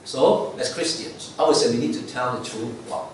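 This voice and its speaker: A man's voice: medium pitch, moderate pace, slight background noise. A man giving a sermon as lay preacher, conversational, checking in with "okay?" and "right?". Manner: conversational, frequent "okay?" and "right?" tag questions. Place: church sanctuary. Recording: echoey church, mic far off.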